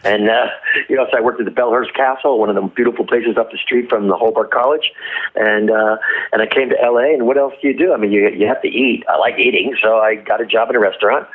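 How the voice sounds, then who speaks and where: A man guest on an interview podcast, telling animated stories about his acting career and laughing often. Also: mid-range voice, fast talker, poor audio. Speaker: actor guest. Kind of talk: casual interview storytelling.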